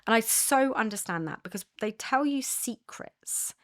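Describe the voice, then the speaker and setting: A woman's voice: fairly high pitch, animated, normal speed, a bit bright. A woman with an English accent, a podcast guest speaking earnestly about her past in candid conversation. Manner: earnest, many restarts, mimics others' voices in quotes. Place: podcast studio.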